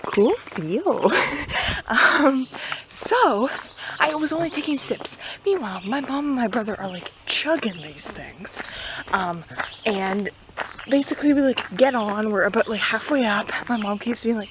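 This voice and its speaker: A young woman vlogger, out of breath as she climbs a forest hill path outdoors, tells a dramatic story in a chatty, filler-heavy way. Her voice is a little high with lively intonation at normal speed, recorded on a handheld camera with background noise.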